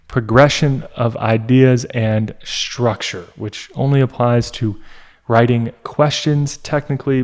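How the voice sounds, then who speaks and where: A man tutoring for an English exam, talking unhurriedly and leaving pauses between points. His voice sits at an ordinary middle pitch. He explains each term with a steady, teacherly manner. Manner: slow, deliberate, teacherly with pauses. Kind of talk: explanatory lesson.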